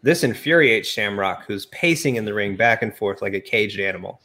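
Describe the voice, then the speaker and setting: A man's voice: lowish voice, lively intonation, normal speed, sharp tone. A man narrating a wrestling game story casually to friends, reading the text aloud with laughs.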